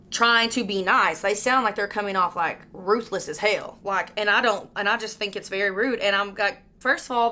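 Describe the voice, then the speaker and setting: Chatty young woman vlogging while doing makeup. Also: fairly high pitch. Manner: candid, animated, swears freely, many "like" and "you know" fillers. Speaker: beauty vlogger. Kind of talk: casual get-ready-with-me chat while doing makeup.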